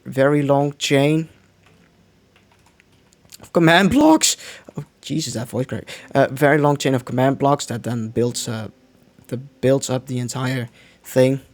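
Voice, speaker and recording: A man talks his way through a game stream in a loose, rambling way. He trails off, restarts sentences and mutters to himself while he plays, at a middling pitch. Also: a little mellow. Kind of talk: casual gameplay commentary.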